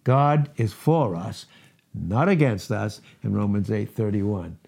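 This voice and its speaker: Slow, emphatic male preacher with a dark voice. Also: on the low side, creaky, breathy edge. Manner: emphatic, rhetorical questions and repetition. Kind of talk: sermon.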